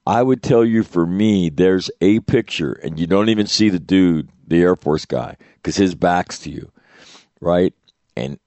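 Deep-voiced man telling a rambling story. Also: no echo. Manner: rambling, animated, profane. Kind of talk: casual storytelling monologue.

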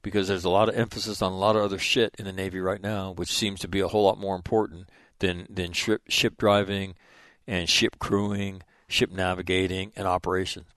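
A man's voice: sits low, little pitch movement, fairly quick, fairly bright tone, no room sound, studio quality. A man in his sixties, a former Marine officer, telling a war story in a rambling, profane way with frequent "right?" asides. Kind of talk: casual storytelling.

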